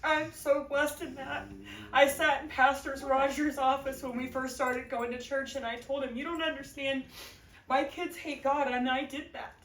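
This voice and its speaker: A middle-aged woman with a high voice gives a heartfelt testimony. She is earnest and sometimes teary, with nervous laughs between phrases. She is recorded from a distance in an echoey church. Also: little pitch movement, normal speed, a bit bright, a little hiss or hum. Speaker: church member giving a testimony. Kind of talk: emotional personal testimony.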